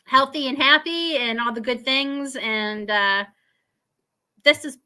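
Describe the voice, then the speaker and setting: Woman host, casual live-stream chat, high and bright, laughs often. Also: slow pace. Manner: chatty, laughs often, filler-heavy. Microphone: video call.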